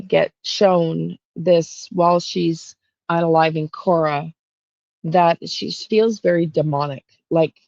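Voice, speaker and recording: A woman talking straight to camera as a true crime intuitive, rambling and halting with lots of fillers and restarts. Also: sits low, darkish tone, no room sound, dull audio. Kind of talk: casual monologue on camera.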